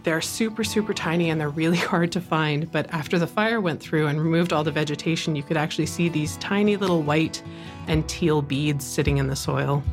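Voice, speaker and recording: A woman's voice: low-pitched, brisk, faint music behind. A woman speaking in an interview, engaged and emphatic as she lists things out. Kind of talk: interview explanation.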